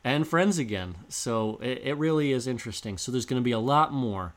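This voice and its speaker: A man co-hosting a relaxed history podcast, with a voice of ordinary middle pitch. He explains history plainly and runs through announcements and thank-yous. The recording was made in a bar. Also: brisk. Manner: explanatory, reads out announcements and shout-outs. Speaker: podcast host. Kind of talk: casual history podcast chat.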